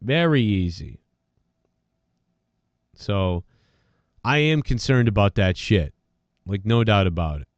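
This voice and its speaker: A man's voice: fairly low pitch, expressive, unhurried, long pauses, no room sound, dull audio. A man hosting a podcast, talking in a casual, rambling and profane way while congested from allergies. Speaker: podcast host. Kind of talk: casual solo rant.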